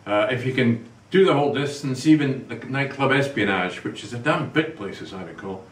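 A man's voice: medium pitch, expressive, brisk. Wry man, echoey distant mic. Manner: wry, asks leading questions. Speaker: podcast co-host. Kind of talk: casual political banter. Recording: echoey room, distant mic, faint noise.

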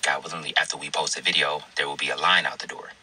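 A man with an extremely deep, husky voice lays out his side calmly, point by point. He talks quickly, and his voice sounds a little distant from the mic. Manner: calm, methodical, numbered points. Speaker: food reviewer. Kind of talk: explanatory statement video.

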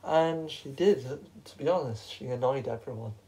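A fan performer voicing a shy, polite evicted woman housemate in a fan-made reality show, talking softly and hesitantly. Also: mid-range voice, normal speed, close to an everyday voice, poor audio.

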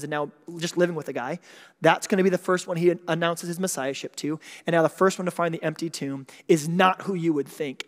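Guy pastor preaching, kinda high voice, jokey and animated, big reverby church sound. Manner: animated, conversational preaching with jokes and quick asides. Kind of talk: sermon. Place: church sanctuary. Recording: long hall reverb.

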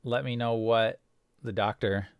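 A man narrating as game master of a tabletop game, halting with frequent restarts. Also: fairly low pitch, steady tone, clear, resonant tone, no echo, muffled recording.

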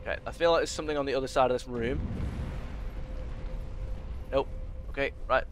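A man's voice: mid-range voice, steady tone, brisk, a little hiss or hum. A young man talking through a video game, chatting to the enemies and muttering asides. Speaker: gaming YouTuber. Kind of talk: let's play commentary.

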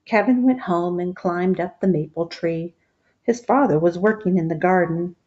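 A woman reading a children's picture book aloud, expressive and stopping to ask the children questions. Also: lowish voice, moderate pace, dull audio.

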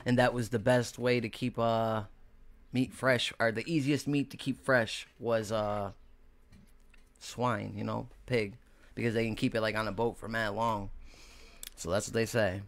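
A man's voice: on the low side, flat delivery, unhurried. A man hosting a casual podcast, talking in slang, laughing often and slipping into impressions. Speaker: podcast host. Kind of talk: casual chat.

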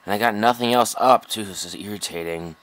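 A man's voice: on the low side, fairly quick, a bit bright. A young man giving casual, frustrated commentary over a flight combat game, muttering and swearing at enemies. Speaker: gameplay commentator. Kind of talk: live gameplay commentary.

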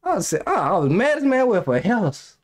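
A young man with a fairly high voice riffs through a reaction video, his pitch leaping all over the place. He talks loosely and profanely, laughing often and wandering into long personal stories. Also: normal speed. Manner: animated, profane, laughs often, rambling anecdotes. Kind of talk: casual reaction commentary.

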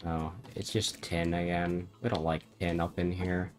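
A man with a very deep voice talking through a game session with a friend. He keeps it relaxed, cracking jokes and laughing along as he plays. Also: a little slow, soft background music. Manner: laid-back, joking, laughs often. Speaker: gamer. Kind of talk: casual gaming chat.

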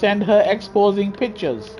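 This young British gaming streamer commentates on a racing game over a headset, joking with chat in slang and laughing frequently. His high voice is animated yet unhurried and a little mellow. The recording carries a little hiss or hum.

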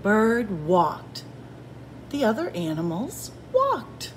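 A woman, a children's librarian, reading a picture book aloud to children with slow, expressive storytelling. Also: mid-range voice, background noise.

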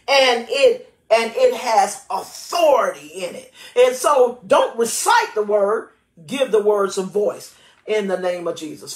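A woman's voice: medium pitch, expressive, slow pace, echoey room. A woman pastor, preaching and praying with emphatic delivery and frequent laughter. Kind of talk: sermon and prayer.

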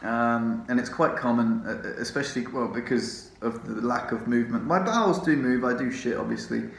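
A man's voice: medium pitch, moderate pace, vocal fry. Rambling man in a roomy hospital room. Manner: rambling, chatty, swears and laughs often. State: drowsy from morphine. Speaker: vlogger. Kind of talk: casual vlog chat. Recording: roomy echo.

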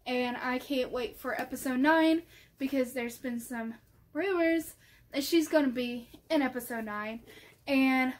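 A woman book vlogger chatting casually and gushing excitedly, often trailing off into soft asides. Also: sits high, takes it slowly. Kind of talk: casual chat.

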